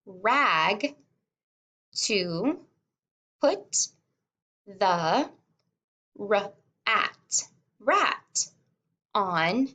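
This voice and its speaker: A woman teaching kindergarten reads a simple book aloud at a very slow, deliberate pace. She says one word at a time, sounds out some words and repeats them. Her voice is gentle and encouraging, pitched in an ordinary middle range. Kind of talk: slow read-along lesson for young children.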